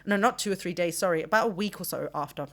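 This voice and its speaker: A woman's voice: lowish voice, fast, fairly bright tone. A young woman from Denmark hosting a podcast, telling a personal story in a rambling, earnest way with lots of fillers and restarts. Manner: earnest and emotional, laughs through discomfort. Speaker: podcast host.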